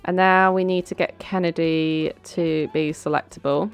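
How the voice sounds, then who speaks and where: Low-voiced woman playing a game. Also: steady tone, moderate pace, smooth. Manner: chatty, bossy with her characters, giggly. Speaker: let's play host. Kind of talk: casual gameplay commentary. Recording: faint background music.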